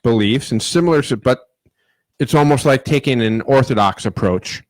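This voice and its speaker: A man's voice: medium pitch, moderate pace, no echo. A man co-hosting a casual podcast chat, joking and talking over the others. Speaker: podcast co-host.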